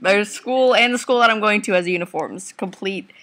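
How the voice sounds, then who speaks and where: A woman's voice: medium pitch, normal speed, fairly bright tone, a little hiss or hum. Teen girl vlogger, rambling and giggly, lying on a home couch, close webcam. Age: teens. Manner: rambling, giggly, talks to viewers and family off camera. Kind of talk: casual chatty video reply.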